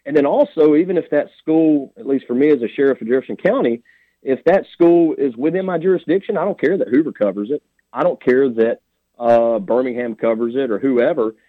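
A man's voice: mid-range voice, brisk, no echo. A blunt, plain-spoken man with a drawl, speaking as a radio guest. His voice comes through a thin, tinny phone line. The sound is bone dry, with no room around it. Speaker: sheriff candidate, radio guest.

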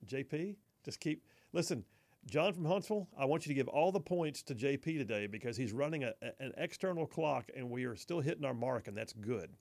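A man's voice: medium pitch, expressive, fairly quick, gravelly, darkish tone. A man hosting a talk radio show, chatting wryly, reading listener texts and laughing along. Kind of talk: casual talk radio commentary.

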